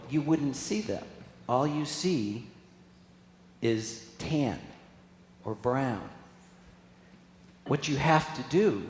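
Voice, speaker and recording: A man's voice: mid-range voice, a little mellow. A man giving a casual spiritual talk as a guest speaker, chatting with the congregation and asking them questions. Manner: conversational, asks the audience questions. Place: spiritual center hall. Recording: echoey hall from a distance, faint room noise.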